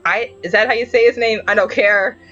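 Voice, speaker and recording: A woman's voice: fairly high pitch, fairly quick, lo-fi sound, soft background music. A woman hosting a casual anime review podcast, telling stories with a lot of swearing and laughter. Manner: animated storytelling, frequent swearing and laughter.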